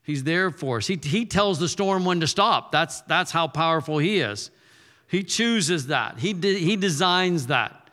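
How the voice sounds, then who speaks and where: A man's voice: on the high side, animated, normal speed, sharp tone. A male pastor preaching a sermon in a loose, conversational way, often repeating words as he goes. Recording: reverberant hall.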